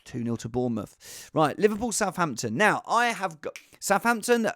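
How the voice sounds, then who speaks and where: A man hosting a fantasy football podcast on his own, predicting scores in an excitable, jokey way with sudden high exclamations. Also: moderate pace, no room sound. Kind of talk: casual solo score predictions.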